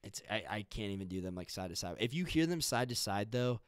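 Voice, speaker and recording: A man's voice: fairly low pitch, lively intonation, fast talker, clear, resonant tone, dry recording, studio quality. A young man hosting a podcast, chatting casually and rambling with lots of fillers and restarts. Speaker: podcast host. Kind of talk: casual chat.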